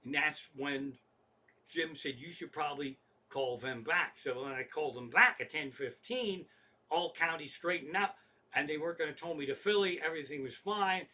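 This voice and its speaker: A man's voice: fairly high pitch, moderate pace, bright, forceful tone. A man telling a comic story, exasperated and swearing constantly as he acts out both sides of phone calls. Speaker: stand-up comedian. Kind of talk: profane storytelling rant.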